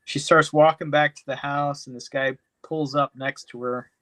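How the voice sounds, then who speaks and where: A man's voice: fairly high pitch, fairly even intonation, normal speed, fairly bright tone. A man co-hosting a podcast, recapping a movie plot in a rambling, profane way, packed with "you know.". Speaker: podcast co-host. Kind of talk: casual chat, movie recap.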